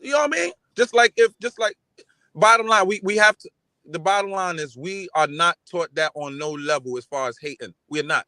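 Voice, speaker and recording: A man in casual chat, talking in an animated, emphatic way and repeating his phrases. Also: high-pitched, fairly quick, no echo.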